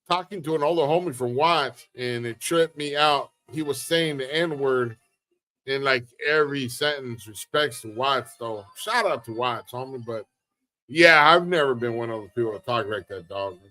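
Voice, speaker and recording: A relaxed man runs a casual livestream, answering chat in a laid-back drawl packed with street slang. His voice sits at an ordinary middle pitch and stays easygoing throughout. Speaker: livestream host reading chat.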